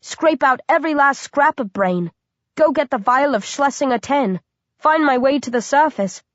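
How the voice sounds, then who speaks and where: A woman's voice: high voice, lively intonation, normal speed, no echo, dull audio. A woman reading a first-person horror audiobook in a dramatic, intense manner. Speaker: audiobook narrator.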